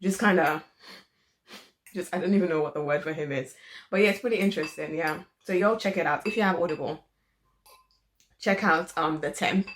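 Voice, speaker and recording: A woman with a lowish voice talks fairly quickly, with long pauses, in a casual vlog from her home living room. Chatty and informal, saying "literally" and "like" a lot, she explains how to assemble furniture and chats while eating.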